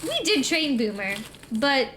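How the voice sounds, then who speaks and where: A woman's voice: high voice, big pitch swings, unhurried, a bit bright, slight background noise. A young adult woman streamer telling a long rambling story in casual chat, full of "like" and "um". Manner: rambling, filler-heavy storytelling.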